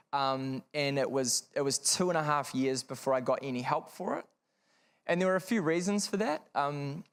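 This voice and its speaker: A man's voice: mid-range voice, clean tone. A man speaking frankly to parents in a seminar room, telling a personal story in a conversational, earnest way with wry asides.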